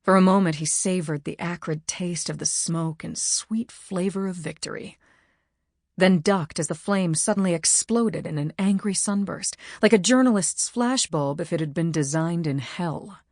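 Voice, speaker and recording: A woman reading an audiobook in measured, wry scripted narration. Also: lowish voice, a little mellow, no room sound, clean studio sound.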